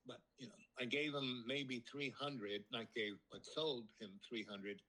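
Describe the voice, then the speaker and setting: A man tells a long personal anecdote in a loose, halting way, full of ums and restarted phrases. His voice is bright and forward. He jumps higher in pitch whenever he acts out what someone said. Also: poor audio. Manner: lifts voice high when quoting people. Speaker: storyteller guest. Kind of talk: casual anecdote telling.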